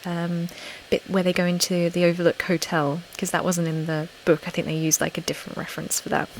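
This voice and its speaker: A young British woman, host of an ASMR channel, chatting casually on a live stream and reading viewer comments aloud, often slipping into a soft whisper. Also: on the low side, slight background noise, rough recording. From Britain.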